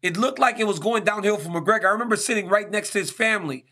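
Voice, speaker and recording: A man's voice: high-pitched, fast talker, sharp tone. A man hosting a sports talk show, answering listener questions in an emphatic, conversational way and often checking in with "right?". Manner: emphatic, keeps asking "right?".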